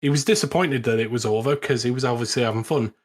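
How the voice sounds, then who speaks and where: A British man co-hosting a podcast, telling a history story in casual, animated chat with frequent laughs. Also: medium pitch, fast talker. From Britain. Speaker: podcast co-host.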